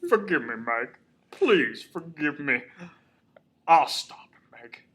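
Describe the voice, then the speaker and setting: An overwrought camp owner swears revenge in a melodramatic voice, as a man hams him up. The tone is bright, and it is a spoofed movie reenactment. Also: fairly high pitch, expressive, slow. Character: grieving, vengeful male camp owner.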